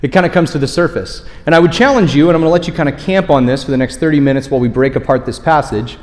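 A man's voice: fairly high pitch, racing, darkish tone. A man preaching a sermon as pastor, candid and conversational, often checking in with the congregation. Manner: candid, conversational, frequent "okay?" check-ins. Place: church auditorium. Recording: long hall reverb.

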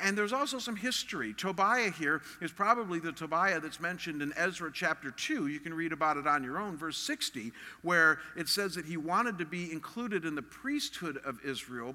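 A man's voice: a little high, sharp tone, long reverb tail. A man preaching a sermon as a pastor, earnest and emphatic in a conversational way.

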